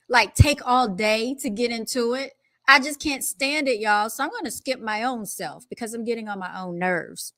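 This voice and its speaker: Self-mocking woman, bright and dry. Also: on the high side, no room sound. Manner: self-mocking, laughs often. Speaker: host commenting on her own recording. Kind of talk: casual commentary.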